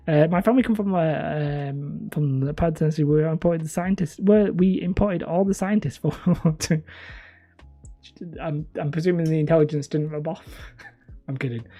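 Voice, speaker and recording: A hobby channel host from northern England chats casually with viewers on a live stream, rambling and mocking himself. His voice is on the high side and mellow, with a mumbly, slightly whiny delivery.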